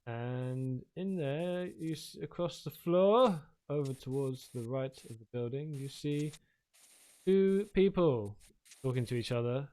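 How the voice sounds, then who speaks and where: A game master narrating a tabletop game scene in a halting, unhurried way. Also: medium pitch, expressive, mellow, no room sound, poor audio.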